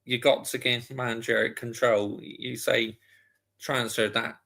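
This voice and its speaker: Man, slow gravelly delivery, bright tone, casual watch-along streamer answering chat. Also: medium pitch, little pitch movement. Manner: chatty, reads out viewer comments and answers them. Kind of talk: casual live football chat.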